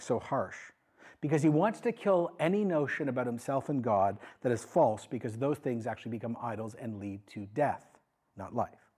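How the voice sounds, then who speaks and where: A man preaching a sermon as pastor, conversational and animated, with emphatic asides. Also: medium pitch, breathy edge.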